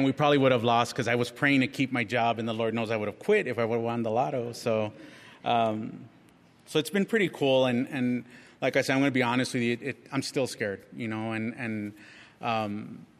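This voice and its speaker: A middle-aged man giving a candid personal testimony at church, frank and self-mocking, chatty with frequent restarts. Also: medium pitch. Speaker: church speaker sharing a testimony. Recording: long reverb of a large hall.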